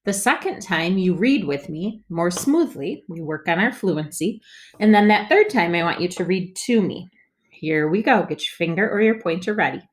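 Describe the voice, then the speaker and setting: A woman teacher leading a phonics lesson for young children, sounding out words slowly and patiently and prompting the listener to read along. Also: lowish voice, lively intonation. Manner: slow, clearly sounded-out reading with patient prompts.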